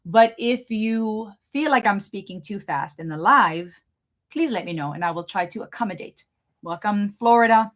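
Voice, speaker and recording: A young adult woman with a slight German accent, hosting a live Q&A in an excitable, fast-talking, chatty way. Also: medium pitch. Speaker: channel host doing a live Q&A. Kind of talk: casual live-stream chat.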